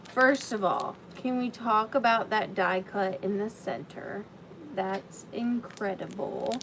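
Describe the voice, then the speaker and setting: This is a slow-talking woman with a medium-pitched voice and a Southern US accent, casually selling at a live vintage sale. Bubbly and chatty, she thanks her viewers by name, with faint room noise in the recording.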